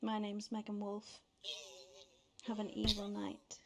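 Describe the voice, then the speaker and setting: Sneering game villain anchor lady, sly and teasing, smooth taunts. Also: medium pitch, completely flat delivery, takes it slowly, heavy background noise. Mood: taunting. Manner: sly, mocking, seductive. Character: scheming, taunting female news anchor. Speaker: news anchor. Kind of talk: game voice acting.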